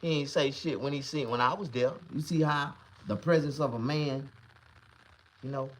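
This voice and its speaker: A man vlogging to camera, telling a comedic story in a profane, boastful, animated way. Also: mid-range voice, moderate pace, low-quality recording.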